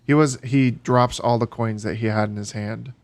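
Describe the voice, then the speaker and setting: A man acting as game master in a tabletop game, relaxed and halting, laughing often. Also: medium pitch. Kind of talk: running a tabletop game, casual.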